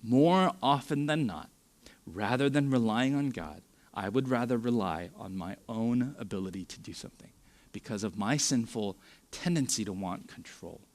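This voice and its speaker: A man's voice: mid-range voice, lively intonation, moderate pace, darkish tone. A man preaching a sermon as youth pastor, telling the story with acted-out quotes and questions to his listeners.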